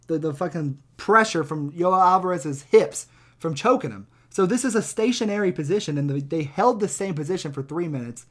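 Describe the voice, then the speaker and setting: A young man riffing through a casual reaction commentary, blunt and loose with plenty of swearing. His voice sits a bit higher than most men's, and he rambles and chuckles between points. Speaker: reaction video host.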